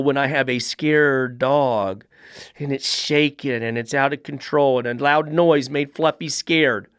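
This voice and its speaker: A man's voice: mid-range voice, clear, resonant tone, no echo. Blunt man in his middle years, dog trainer host, cusses, dry close sound. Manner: blunt, profane, fires rhetorical questions. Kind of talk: podcast monologue.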